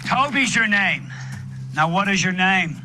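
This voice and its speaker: Brief: cruel plantation overseer, harsh repeated commands, slow and high, film score underneath. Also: male voice, animated, heavy background noise. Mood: menacing. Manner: barking repeated harsh orders. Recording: film clip with music score.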